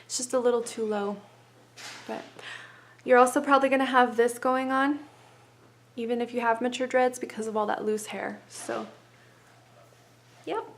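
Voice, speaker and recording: A woman's voice: a little high, steady tone, normal speed, long pauses, a little hiss or hum. A woman giving a casual hair-wrapping tutorial, chatty and rambling, a little winded with a stuffy nose, muttering to herself as she works.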